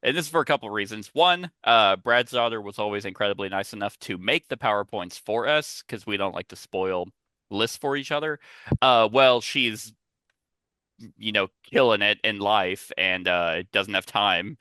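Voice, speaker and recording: A man's voice: lowish voice, lively intonation, moderate pace, pushed and bright, smooth, no room sound. A man hosting a podcast in casual chat, rambling and chatty with lots of asides, talking on a headset. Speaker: podcast host.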